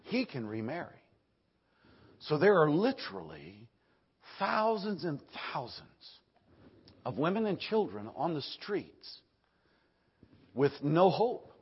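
An older man preaching a sermon, hoarse from singing, swinging from loud emphatic bursts to hushed storytelling. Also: a little high, big pitch swings, slow, long pauses, dull audio. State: hoarse, voice nearly gone. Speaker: Baptist preacher.

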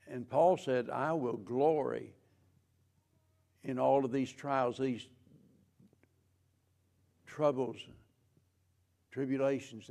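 A man preaching a sermon as pastor, slow and measured, with frequent restarts. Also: medium pitch, vocal fry, a little mellow.

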